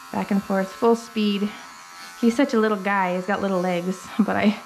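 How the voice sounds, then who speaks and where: A woman's voice: mid-range voice, a little mellow. A young woman grooming a dog, casually explaining her steps and cooing at the dog in between. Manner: chatty, talks baby-talk to the dog between explanations. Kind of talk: casual vlog narration while grooming. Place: grooming room with dryer and clippers running. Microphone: camera mic set up in the room. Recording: clipper and dryer noise behind the voice. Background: hair dryer and electric clippers.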